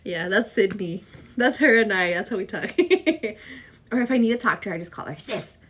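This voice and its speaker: A chatty young woman vlogging casually while doing her makeup, laughing often and quoting herself in a higher voice. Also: expressive, moderate pace, a little hiss or hum.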